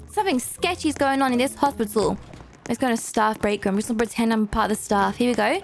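A young woman giving playful, excitable commentary while playing a hospital role-play game, chatting and exclaiming often. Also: a little high, fast talker, vocal fry. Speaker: gaming YouTuber.

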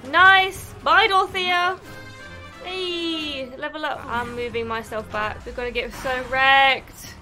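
A young woman hosts her own let's play, excitable and quick to swear. Her voice is high, bright and animated, and soft game music runs underneath. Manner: excitable, swearing, laughing often. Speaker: gaming video host.

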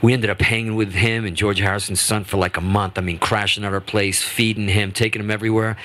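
Low-pitched male guest musician, chatty radio storyteller who restarts his sentences a lot. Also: fast. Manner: rambling, animated anecdotes with restarts. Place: radio studio.

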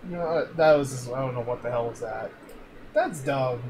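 A man's voice: mid-range voice, normal speed, noisy background. A man streaming, reacting to old clips in loose casual chat, laughing a lot and swearing freely.

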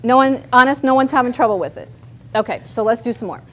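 A woman with an expressive, rather high voice talks fast as she leads a live group workshop as a therapist. In a meeting room with the group, she chats and walks people through simple movements.

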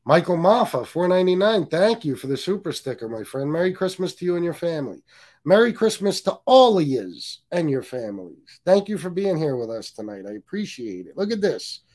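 A man's voice: on the high side, very animated, fairly quick, a little mellow. A man hosting a casual livestream, joking, cursing, and reading viewer comments aloud. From US Northeast. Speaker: livestream host.

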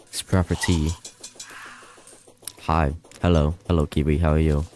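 A man's voice: low-pitched, darkish tone. A man streaming a video game live, chatting loosely with viewers, often panicking and laughing. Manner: panicky, laughing, rambling to chat.

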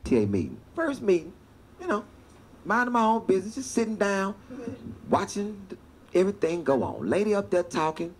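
A man doing stand-up comedy, telling a long story with animated delivery and laughter. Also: sits high, brisk. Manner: animated, laughing through punchlines. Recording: noisy stand-up clip played back.

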